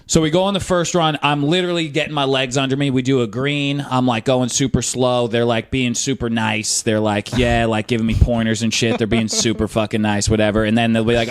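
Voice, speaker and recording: A man's voice: medium pitch, little pitch movement, fairly quick, few pauses, clean tone. A man co-hosting a podcast, telling a story in casual, profane, rambling chat. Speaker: podcast co-host.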